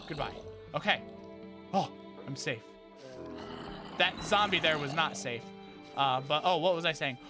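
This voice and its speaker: Excitable man narrating his gameplay. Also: fairly high pitch, unhurried, over music. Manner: excitable, talks to game enemies, frequent exclamations. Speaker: gaming streamer. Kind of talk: casual let's play commentary.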